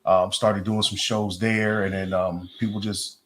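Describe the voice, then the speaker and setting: A man guest in a casual interview, telling his story in a relaxed, low-key way. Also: unhurried.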